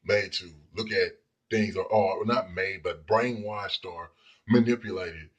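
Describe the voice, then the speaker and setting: A man's voice: low voice, steady tone, a little slow, husky. A man telling a personal story in a loose, rambling way, now and then acting out the people in it. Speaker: speaker telling personal stories. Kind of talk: casual storytelling monologue.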